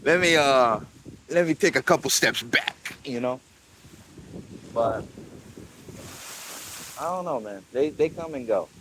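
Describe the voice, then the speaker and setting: A man's voice: mid-range voice, poor audio. A young man vlogging casually on a rocky coastline, rambling and slangy as he films the waves on his phone. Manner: rambling and laid-back, slangy with "bro" and "man". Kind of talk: casual chat to camera. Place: outdoors crouched on a rocky coastline by crashing waves. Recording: wind noise and loud surf.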